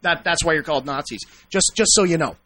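A high, bright-voiced man hosts a radio talk show with brash, profane sarcasm. He cuts in on his guest and jeers at him. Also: fast. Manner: profane, mocking, talks over the guest. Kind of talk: combative radio interview.

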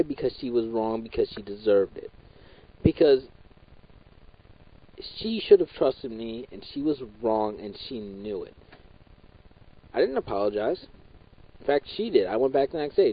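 Heated young man ranting, lo-fi. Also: mid-range voice. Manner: heated, profane, repetitive. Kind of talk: ranting monologue. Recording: dull lo-fi recording.

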